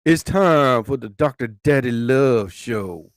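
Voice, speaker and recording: A man's voice: expressive, slow pace, dry recording. Cocky late-night lover-man DJ, dropping his voice to croon at the ladies, dry close sound, as a man puts him on. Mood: seductive. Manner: low crooning come-ons to ladies. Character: smooth-talking male radio-lover persona, cocky.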